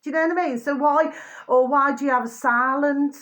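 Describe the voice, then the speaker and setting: A woman hosting her own channel, talking in a rambling, casual monologue. She keeps asking if listeners know what she means and drops to a murmur between louder bursts. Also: fairly even intonation, a little fast. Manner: chatty, repeats pet phrases and asks "do you know what I mean"; often drops to a low murmur, then rises high and laughs. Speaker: channel host.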